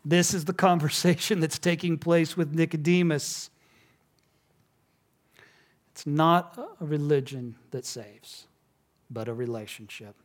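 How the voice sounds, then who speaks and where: A man preaching a sermon, telling stories and dropping to a hush on key lines. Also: a little high. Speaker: pastor.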